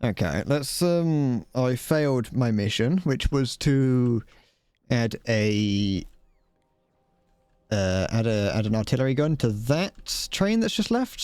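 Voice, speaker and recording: Male game streamer, lively up-and-down delivery, dry close sound, rambling and cursing, slightly winded. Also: medium pitch, takes it slowly, clear, resonant tone, no room sound. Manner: rambling, stumbles over words, swears. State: out of breath. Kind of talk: casual live game commentary.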